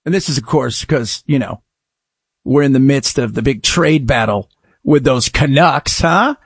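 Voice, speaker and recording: A man hosting a talk radio show, delivering an opinionated monologue with sarcastic asides and mocking shouted bits. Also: mid-range voice, moderate pace, creaky, breathy edge, no room sound, studio quality.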